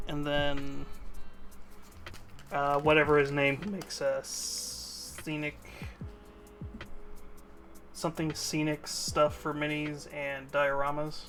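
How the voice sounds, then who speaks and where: A man's voice: a little high, flat delivery, unhurried, pauses often, fairly bright tone, soft background music. A young man streaming himself painting miniatures, chatting casually and rambling with self-aware asides to a friend. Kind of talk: casual live-stream chat.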